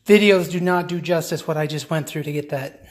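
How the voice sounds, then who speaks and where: A man's voice: fairly high pitch, fairly quick. A man talking casually through his own car repair job in a DIY vlog, rambling and talking to himself as he works. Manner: rambling, self-talking, chatty with restarts. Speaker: car hobbyist vlogger.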